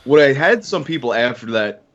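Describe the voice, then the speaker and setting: A man's voice: medium pitch, expressive, a little fast, a bit bright, highs cut off. A man guesting on a podcast, rambling casually and swearing offhandedly. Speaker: podcast guest, online video maker.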